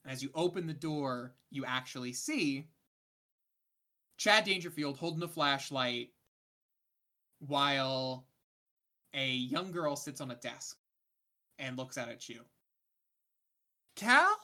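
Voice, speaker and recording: A game master narrating a tabletop game in quick, casual speech full of fillers. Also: medium pitch, sharp tone.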